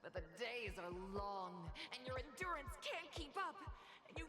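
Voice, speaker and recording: A woman's voice: high-pitched, very animated, normal speed, over music. A woman voicing a theatrical show host in a video game, narrating the scene with flair. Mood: dramatic. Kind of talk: game voice acting.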